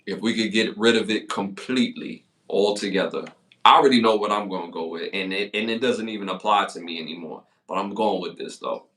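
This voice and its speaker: A man with a Brooklyn accent and a fairly low voice hosts a casual hip-hop podcast. He talks in energetic, slang-heavy bursts, giving shout-outs to viewers in the chat. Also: a little fast. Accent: Brooklyn, New York. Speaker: podcast co-host.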